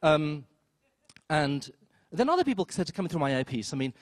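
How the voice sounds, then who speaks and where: A man telling a story on stage at a live event, wry and self-mocking, with quick asides and acted-out quotes. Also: a little high, big pitch swings, no echo, studio quality. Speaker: storyteller, film critic. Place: theater stage before an audience.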